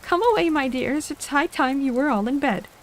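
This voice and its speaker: A woman's voice: sits high, lively intonation, moderate pace, a little hiss or hum, voice pushed up. Woman voicing a trembling mother canary, whispered role-play. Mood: anxious.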